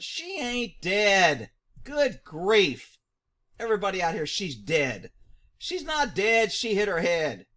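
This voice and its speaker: High-voiced laughing man mocking a clip. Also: huge pitch swings, takes it slowly, pushed and bright. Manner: mocking, laughs constantly between phrases. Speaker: vlog host. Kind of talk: laughing commentary over a video clip.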